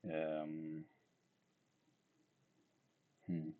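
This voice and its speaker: A man's voice: extremely low pitch, completely flat delivery, very slow, phone-quality sound. A tired young man, rambling and self-deprecating as he talks through his drawing in a casual video diary. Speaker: vlogger.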